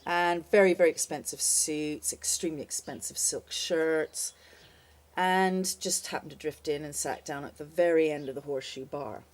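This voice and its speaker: An older woman, a former bartender, telling a wry, lively anecdote in a casual spoken style. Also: low voice, moderate pace. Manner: lively, animated, wry storytelling with fillers.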